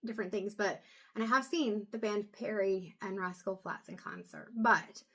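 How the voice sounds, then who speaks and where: Soft-spoken woman, halting and tired. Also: medium pitch, fairly even intonation. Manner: soft, halting, many pauses and ums. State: low on energy. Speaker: intuitive reader. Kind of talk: casual talk to camera.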